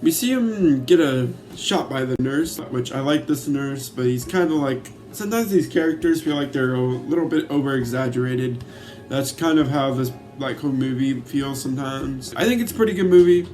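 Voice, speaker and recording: A man's voice: mid-range voice, normal speed, a little mellow, faint music behind. A man casually recapping a movie he loves, rambling with many fillers and swearing freely. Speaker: YouTuber reviewing a movie.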